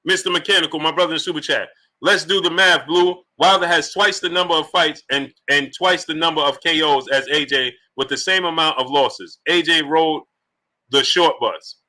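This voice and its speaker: This man hosts a boxing talk live stream in a slightly high, bright, forceful voice at moderate speed. He works through super chats aloud and keeps challenging the chat with rhetorical questions.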